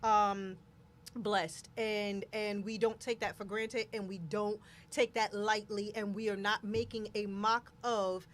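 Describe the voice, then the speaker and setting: A woman's voice: medium pitch, level tone, slow, slight background noise. A woman hosting a live talk show, speaking emphatically and repeating words for stress. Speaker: show host. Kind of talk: casual live show chat.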